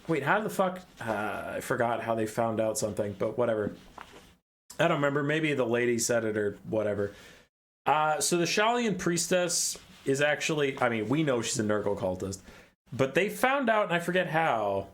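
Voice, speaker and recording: A man's voice: medium pitch, lively intonation, normal speed, fairly bright tone. A man casually retelling a game story in a rambling, profane way, often correcting himself.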